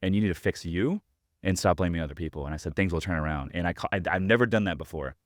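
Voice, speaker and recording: A man's voice: deep voice, fast, no echo, studio quality. A man hosting a podcast, telling a rambling anecdote full of fillers and casual swearing. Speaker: podcast host. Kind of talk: casual interview chat.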